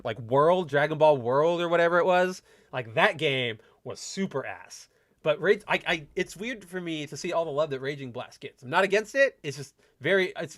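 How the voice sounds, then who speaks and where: A man hosting a casual gaming livestream, reading viewer comments aloud and rambling excitedly with lots of stammered restarts and freely dropped swears. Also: on the high side. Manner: excitable, fan-like. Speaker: podcast host.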